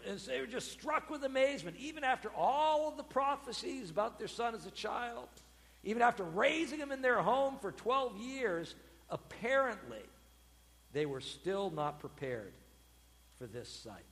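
A man, a pastor, preaching a sermon with expressive delivery, acting out quoted voices with sudden loud bursts. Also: very high-pitched, moderate pace, long reverb tail.

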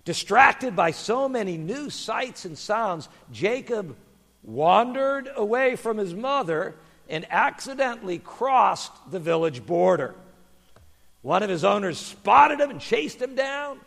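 Expressive, slow male storyteller. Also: sits high, creaky, big-room sound. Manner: expressive, animated. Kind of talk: children's story reading.

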